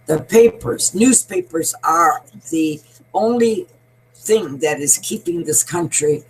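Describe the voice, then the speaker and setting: A woman's voice: low-pitched, slight background noise, poor audio. Blunt, rambling woman in her eighties. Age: 80s. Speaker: show host. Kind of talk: opinionated monologue.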